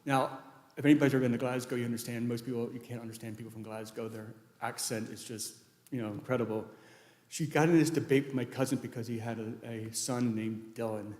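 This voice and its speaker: A man's voice: mid-range voice, steady tone, fast, a little mellow. A man giving a eulogy for his late wife at a funeral, telling rambling, anecdotal stories with many restarts. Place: large church sanctuary. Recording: echoey church hall.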